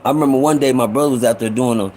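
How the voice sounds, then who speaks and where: A man's voice: medium pitch, rapid-fire, a little mellow, a little hiss or hum. A man telling a rambling, profane story from his own life in a casual way, with many restarts. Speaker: storyteller host.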